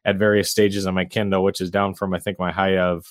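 A man's voice: low-pitched, little pitch movement, fairly quick, dry recording. A man guesting on a podcast, talking about real estate in an easygoing way with frequent chuckles and fillers. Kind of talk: casual interview chat.

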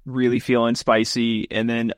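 A man's voice: medium pitch, completely flat delivery, moderate pace, no echo, clean studio sound. A man co-hosting a casual podcast chat, rambling with lots of fillers. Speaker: podcast co-host.

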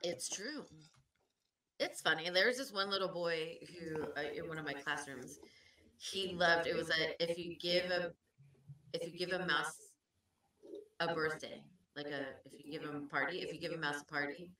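Bright-voiced woman chatting casually. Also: low-pitched, moderate pace, far from the mic. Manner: profane, chatty, laughs often. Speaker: podcast co-host. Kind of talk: casual chat.

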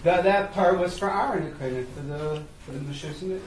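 A man's voice: a little high, moderate pace, a little mellow, recorded from a distance. A man in a Torah class, arguing his point with the teacher. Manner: argumentative, pressing his point. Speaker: student in the class. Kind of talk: debating in class. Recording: roomy echo.

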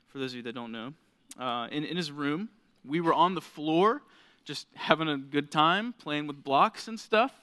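A man's voice: bright, forceful tone, clean tone. A young man preaching to a college group, casual and chatty, acting out parts of his story. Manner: casual, storytelling, acts out scenes with rising pitch. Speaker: pastor. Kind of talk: sermon. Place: lit stage before a college group.

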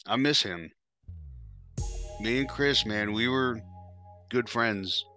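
A man's voice: mid-range voice, takes it slowly, bright, forceful tone, faint music behind. A podcast host telling his own story in the first person, blunt, profane and emotional.

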